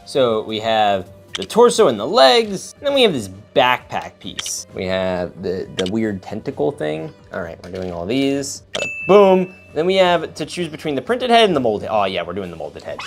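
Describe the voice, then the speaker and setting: A young man hosting a casual toy unboxing, talking in an excitable, slangy way as he reacts while building. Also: mid-range voice, moderate pace, few pauses, faint music behind.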